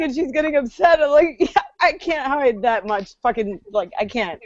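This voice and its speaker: An animated woman with a slightly high voice, chatting and laughing her way through a casual podcast hangout. Her sound is dry and close but a little muffled, like lo-fi call audio. She swears freely and bursts into giggles. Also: a little fast, hardly any pauses, no echo. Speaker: podcast co-host. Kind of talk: casual group chat on a video call.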